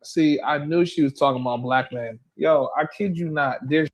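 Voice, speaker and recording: A man's voice: a little high, moderate pace, a little hiss or hum, poor audio. A man reacting to a video clip with incredulous, mocking commentary, repeating his questions.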